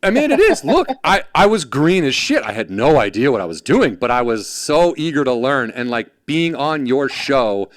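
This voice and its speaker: Animated man telling stories, dry sound. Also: medium pitch, normal speed, hardly any pauses, no room sound. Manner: animated storyteller, acts out quoted voices, laughs often. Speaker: podcast host. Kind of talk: casual interview chat.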